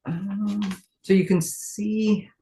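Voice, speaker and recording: A warm, steady, mid-range voice belongs to a friendly woman speaking very slowly through a live crafting demonstration, with slight background noise. Chatty and self-deprecating, she narrates each step, thinks aloud as she works, and shrugs off her clumsiness with humor.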